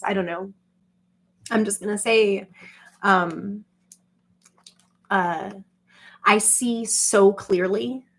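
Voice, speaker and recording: A woman in her forties talks straight to her viewers in a loose, wandering monologue. Her voice is husky and sits at a middle pitch. She stops and restarts often and leans on "like" between words. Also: fairly bright tone. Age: 40s. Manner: halting, heavy with "like" fillers. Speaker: streamer talking to viewers. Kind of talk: rambling casual monologue.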